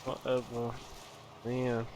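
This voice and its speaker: A man's voice: medium pitch, completely flat delivery, slow pace. A man streaming a game live, chatting in a sarcastic, ranting way. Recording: background noise.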